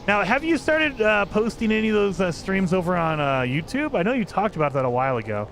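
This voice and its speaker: A man's voice: sits high, very animated, brisk, vocal fry, fairly bright tone, slight background noise. A man live-streaming a video game, talking casually with viewers in loose, rambling commentary.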